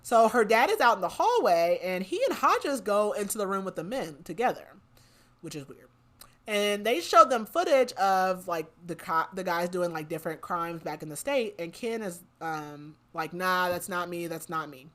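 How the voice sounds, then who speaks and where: A woman's voice: fairly low pitch, lively intonation, moderate pace, a bit bright. A woman hosting a book podcast, retelling a plot casually, quoting characters' lines and laughing now and then.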